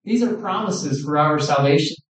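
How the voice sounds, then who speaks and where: A man preaching a sermon in an earnest, measured way, quoting scripture. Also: on the high side. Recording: echoey room, distant mic.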